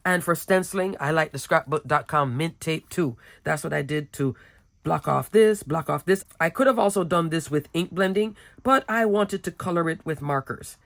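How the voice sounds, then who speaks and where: A woman with a raspy, slightly sick voice, casually showing her handmade cards with goofy giggles. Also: deep voice, a bit bright. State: a little sick, hoarse. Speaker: card-making crafter. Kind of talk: casual craft tutorial chat.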